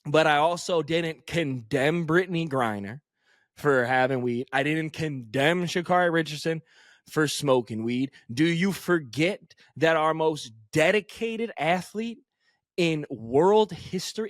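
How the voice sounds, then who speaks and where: A man's voice: a little high, measured pace, no echo, clean studio sound. An American man co-hosting a podcast, ranting emphatically and swearing in opinionated casual chat. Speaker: podcast co-host. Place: podcast studio.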